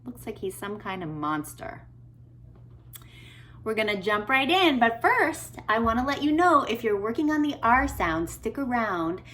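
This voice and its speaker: A woman speech therapist reading a picture book aloud to children, gentle and encouraging, stopping to ask questions. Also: fairly high pitch, very animated, unhurried. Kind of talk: read-aloud lesson for kids.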